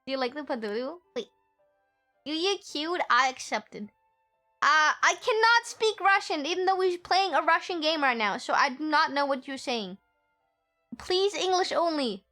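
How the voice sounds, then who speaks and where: A woman's voice: sits high, animated, moderate pace, bright, forceful tone, soft background music. A young woman streaming a game, chatting in a bubbly, giggly way with her viewers. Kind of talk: casual live-stream chat.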